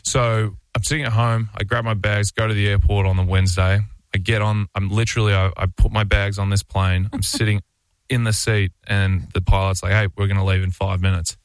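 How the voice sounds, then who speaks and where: A man's voice: fairly low pitch, flat delivery, a little fast, hardly any pauses, clear, resonant tone, no room sound. An Australian man, a basketball player guesting on a radio show, telling a story in a loose, rambling way full of fillers and restarts. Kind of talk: casual storytelling anecdote.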